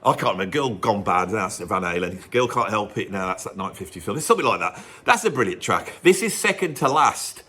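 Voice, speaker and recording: A man's voice: on the low side, big pitch swings, a little fast, hardly any pauses, bright, forceful tone, breathy edge. A middle-aged man, hosting a casual music vlog in a cold room at home, rambling and often breaking off mid-thought. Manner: rambling, digressive, self-interrupting. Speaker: music video host.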